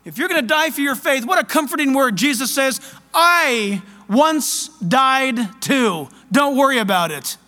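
A man preaching a sermon as pastor, fervent, loud and excited. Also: very high-pitched, fast, hardly any pauses, long reverb tail, soft background music.

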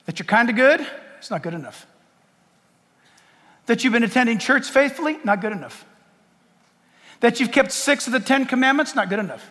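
A man's voice: high voice, fairly bright tone, slight background noise. A man pastor preaching a sermon in a church sanctuary, impassioned and jokey, firing off rhetorical questions. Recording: long church hall reverb.

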